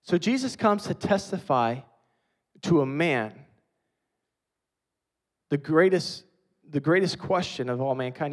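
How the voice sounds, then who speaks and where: A man preaching a sermon, emphatic, swinging between loud stressed phrases and quiet low passages. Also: lively intonation, slow pace, pauses often.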